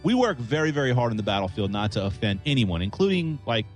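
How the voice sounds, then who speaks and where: A man co-hosting a radio show, chatting about politics in an excitable, stumbling way with many restarts. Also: mid-range voice, fast talker, faint music behind. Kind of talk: casual political chat.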